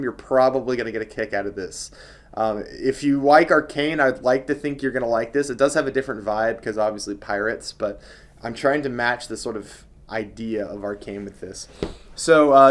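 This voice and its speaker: A man narrates his own story pitch in a casual, rambling way, often pausing on fillers. His pitch sits in the middle range, and faint music plays under him. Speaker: creator telling a story pitch.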